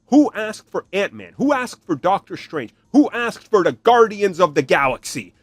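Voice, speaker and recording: A man hosting a podcast, giving an animated, opinionated rant and mocking other fans in put-on voices. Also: high voice, moderate pace, few pauses, no echo. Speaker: podcast host. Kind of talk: opinionated solo commentary.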